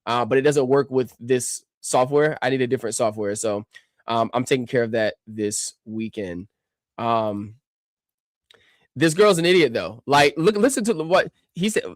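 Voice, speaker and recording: A man's voice: mid-range voice, moderate pace, no echo, clean studio sound. A man streaming a reaction to a clip, ranting in a combative, mocking way.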